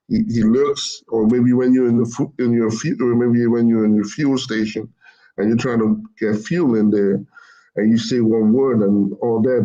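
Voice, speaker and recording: Explaining machine learning in an offhand way, this man has a mid-range voice with a dark tone. He wanders, repeats phrases and frequently corrects himself, all captured in dull-sounding audio.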